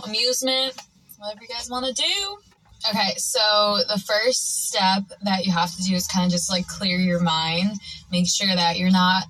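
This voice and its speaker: Woman doing a casual how-to vid, sharp bright voice, says like a lot. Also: mid-range voice, low-quality recording. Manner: chatty, lots of filler "like".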